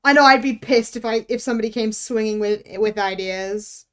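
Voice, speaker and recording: Brisk and clear, this woman's slightly high voice has a resonant ring to it. She's an art streamer drawing live, chatting loosely, poking fun at herself, cursing casually and laughing a lot.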